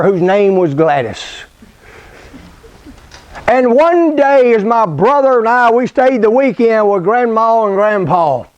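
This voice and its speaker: Folksy preacher man telling a story, high voice, dull dry recording. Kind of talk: storytelling sermon.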